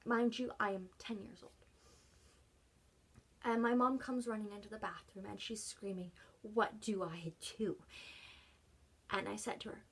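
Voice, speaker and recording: In a mid-range voice, a woman vlogger shares her own experiences off the cuff, with emotion and frequent hesitation. Between pauses her voice often softens to a breathy hush.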